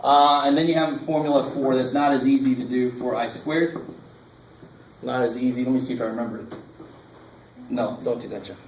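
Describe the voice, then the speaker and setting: A man's voice: medium pitch, level tone, fairly quick, pauses often, roomy sound, slight background noise, rough recording. A man teaching a math class, casual and joking, talking straight to his students. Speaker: math instructor. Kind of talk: classroom lecture. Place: lecture classroom.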